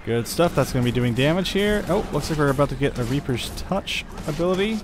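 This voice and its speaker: A man's voice: fairly high pitch, lively intonation, fairly quick, over music. A young man giving casual gameplay commentary, thinking aloud with lots of fillers and chuckles. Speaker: gaming channel host.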